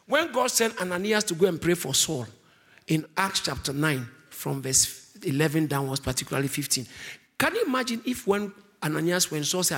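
A man's voice: a little high, expressive, normal speed, a bit bright. A man preaching a sermon, emphatic, stretching out key words for weight.

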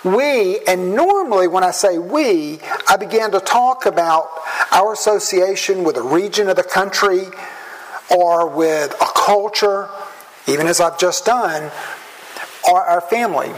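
A man with a Southern American accent, a pastor preaching a sermon in a measured, earnest way. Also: high voice, slight background noise, rough recording. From southern United States. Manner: measured, slow and earnest, with drawn-out words. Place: church.

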